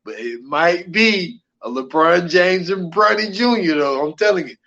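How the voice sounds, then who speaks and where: A man chatting as a podcast co-host, his voice sitting a bit high. He talks loosely and circles back over his own phrases. The audio comes through dull and lo-fi. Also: animated, unhurried, sharp tone. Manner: loose, repeats himself, keeps saying "man". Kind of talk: casual podcast chat.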